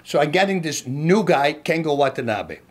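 A man's voice: on the high side, normal speed. A middle-aged man, a former fighter, telling a story and breaking down a fight for his viewers in a casual, emphatic way. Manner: animated, emphatic, talks straight to viewers.

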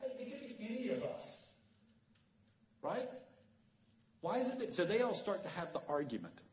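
A man preaching a conversational sermon as pastor, acting out biblical dialogue with lively asides. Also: sits high, moderate pace, breathy edge.

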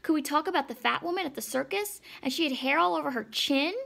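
A woman reading as a wistful young schoolgirl from a storybook, with a high, gravelly voice. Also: fast talker, a bit bright, full character voice.

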